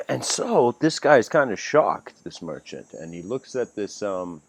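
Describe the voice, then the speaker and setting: Deep voiced guy rambling through a spiritual lecture on a livestream, lots of um and you know. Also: sing-song, measured pace, creaky, a little mellow, no room sound. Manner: rambling, many fillers and restarts. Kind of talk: casual livestreamed lecture, storytelling. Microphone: home livestream mic.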